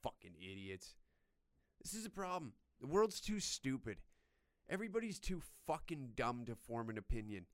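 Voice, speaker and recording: Young man, crude sarcastic rant, smooth voice, close mic. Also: mid-range voice, very animated, moderate pace, dry recording. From Canada. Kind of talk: profane comedic rant.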